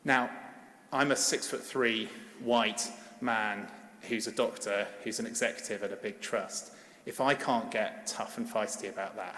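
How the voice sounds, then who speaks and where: A man's voice: on the low side, fairly bright tone. A middle-aged man, a paediatrician, giving a conference plenary in an earnest, emphatic way and urging the audience to act. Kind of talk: conference keynote speech. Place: large conference hall. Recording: long hall reverb.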